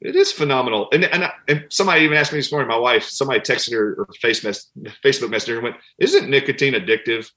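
Guy on an interview talking fast and animated, doing little voices for people he quotes. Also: medium pitch. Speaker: guest doctor. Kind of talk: conversational interview.

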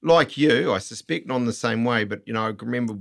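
A man's voice: medium pitch, quick pace, gravelly. A middle-aged man hosting a casual interview, asking long, rambling questions. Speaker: host.

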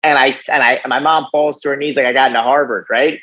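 A young man, a guest on a podcast, telling his personal story in a casual, animated way, often tossing in "dude" and "right?". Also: mid-range voice, quick pace, poor audio. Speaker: podcast guest, youth motivational speaker.

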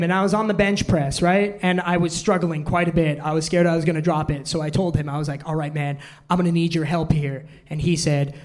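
A man performing a self-deprecating stand-up set on a theatre stage, acting out both sides of the dialogue. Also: sits high. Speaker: stand-up comedian. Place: live comedy theatre stage with audience. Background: audience laughter.

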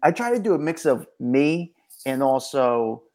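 A man co-hosting a celebrity news podcast in a rambling, animated casual chat, often correcting himself. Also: medium pitch, measured pace. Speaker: co-host and street reporter.

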